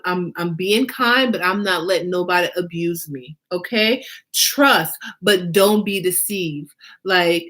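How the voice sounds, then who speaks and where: Slow-talking emphatic woman vlogger. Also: on the low side. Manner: emphatic and animated, with many rhetorical questions and fillers; repeats phrases for emphasis. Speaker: fashion designer and vlog host. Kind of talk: casual vlog monologue.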